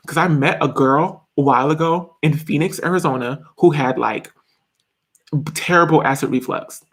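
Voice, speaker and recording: A man's voice: mid-range voice, normal speed, vocal fry, fairly bright tone. A man in his twenties chatting casually on a live stream, reading viewer comments in a giggly, rambling way. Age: 20s.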